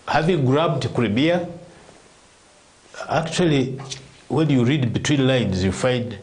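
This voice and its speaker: A man speaks at a mid pitch, laying out his explanation step by step. He often restarts and repeats words as he goes, in the manner of a commentator on a live talk show. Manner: explains at length, with restarts and repetitions. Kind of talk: explanatory talk on current affairs.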